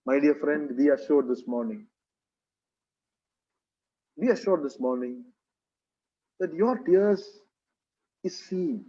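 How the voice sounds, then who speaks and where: A man preaching in a church with a Kerala English accent, his voice high and husky. He speaks earnestly, repeats his phrases and keeps asking the congregation rhetorical questions. The recording is dull and lo-fi. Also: lively intonation, slow pace, long pauses, mellow. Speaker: pastor. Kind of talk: sermon.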